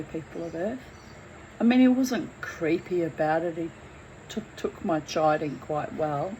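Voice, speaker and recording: A woman recounts her own experience in a candid, blunt way, swearing without hesitation. Her voice is mellow and soft-edged, with a faint hiss behind it. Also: fairly low pitch, measured pace, poor audio. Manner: blunt, animated, swears freely. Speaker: author reading and telling her own story. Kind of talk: candid first-person storytelling.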